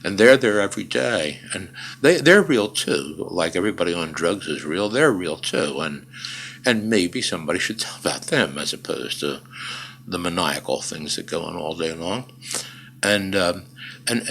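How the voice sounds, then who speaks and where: Older male interview guest, very low and gravelly voice, emphatic storyteller with dry wit. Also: lively intonation, normal speed, fairly bright tone. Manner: emphatic, dry humor, frequent "uh" fillers. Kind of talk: conversational storytelling.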